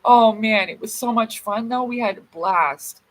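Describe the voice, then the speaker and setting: A woman's voice: on the high side, measured pace, low-quality recording. A woman in her thirties chatting on a livestream, telling a funny story, laughing and catching herself swearing. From Canada. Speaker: livestream vlogger. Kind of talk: casual storytelling chat. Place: home, by a door while smoking.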